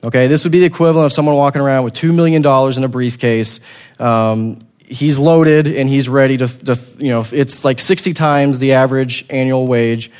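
A man preaching a sermon, retelling a scripture story with lively acted-out voices and frequent repeated words. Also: medium pitch, fairly quick, clean tone. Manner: animated storytelling, acting out the characters; repeats words while finding the thought. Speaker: pastor.

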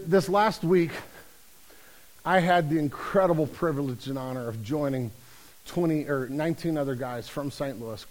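A man's voice: mid-range voice, low-quality recording. A man pastor preaching a conversational, humorous sermon, telling the story with acted-out voices. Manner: lively storytelling, acts out quoted voices.

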